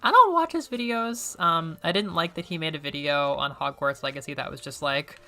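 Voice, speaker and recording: A woman's voice: sits low, brisk, few pauses, bright, forceful tone. A young woman chatting casually while playing a video game, rambling and swearing freely. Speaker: gaming streamer.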